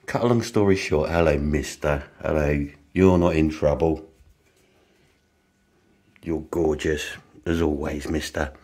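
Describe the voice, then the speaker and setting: A man, casually telling a story to camera, speaking softly and getting animated when he retells the shouting. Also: low voice. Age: 50s. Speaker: vlogger.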